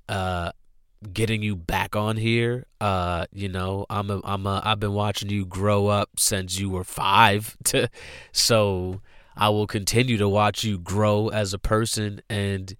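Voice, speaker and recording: A man's voice: lowish voice, flat delivery, slow pace, a bit bright, clean tone, no room sound, studio quality. A man hosting a casual podcast, laid-back and slangy, rambling with lots of restarts. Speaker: podcast host. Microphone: podcast microphone.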